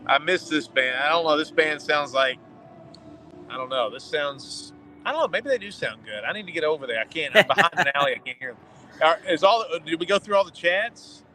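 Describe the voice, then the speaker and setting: A man's voice: on the high side, brisk, a little hiss or hum, poor audio. A man co-hosting a casual podcast, joking and telling stories from a city alley at night. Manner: joking, animated storyteller. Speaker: podcast co-host. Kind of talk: casual chat.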